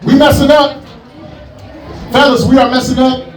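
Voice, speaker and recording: A man headlining a stand-up comedy set in a club, brash and loud, laughing through his punchlines. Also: extremely high pitch, level tone, normal speed, soft background music. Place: large club room with a live crowd. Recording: echoey room, mic heard from far off, loud crowd.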